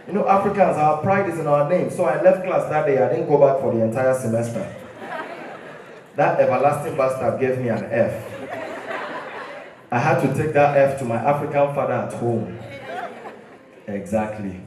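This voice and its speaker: A man's voice: mid-range voice, moderate pace, long pauses, a little mellow, slight background noise. A young man with a Nigerian accent, hosting a live show and telling comic stories with punchlines. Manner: storytelling with punchlines, playful. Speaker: emcee and stand-up host. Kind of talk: stand-up comedy at a live show. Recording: very echoey hall from far off.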